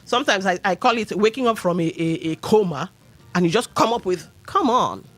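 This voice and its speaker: Nigerian woman, radio host, lively swooping delivery, opinionated talk, faint music under her. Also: mid-range voice, fairly quick. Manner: animated, opinionated, mixes in pidgin asides. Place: radio studio.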